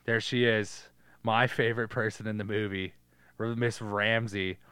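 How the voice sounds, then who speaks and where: A man's voice: lowish voice, a little slow, smooth, no echo. A man co-hosting a casual movie recap podcast, swearing freely and acting out scenes in silly voices. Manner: profane, animated, acts out scenes in silly voices. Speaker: podcast co-host.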